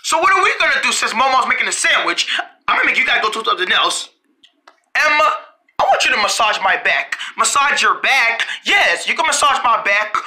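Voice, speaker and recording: Super bright voice jumping all over in pitch, bossy playful back-and-forth between characters. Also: very animated, fairly quick. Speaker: storyteller voicing several characters. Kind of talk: playful improvised character play.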